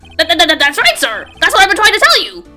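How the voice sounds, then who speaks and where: A woman acting out an excitable young male patrolman from a courtroom game. He shouts almost every line in a high, sharp voice and tacks "sir!" onto everything. Faint game music plays underneath. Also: quick pace, exaggerated voice. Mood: frantic, loud. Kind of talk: voice acting a game script aloud.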